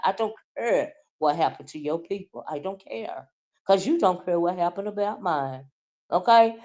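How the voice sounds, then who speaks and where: A woman hosting a casual livestream, teasing loudly and swinging from low mutters to shouts. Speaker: livestream commentary host.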